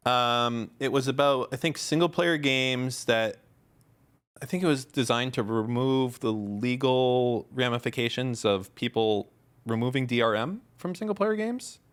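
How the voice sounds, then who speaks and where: A man's voice: medium pitch, unhurried, clean tone. A man hosting a casual podcast chat, blunt and sarcastic in his remarks. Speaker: podcast host.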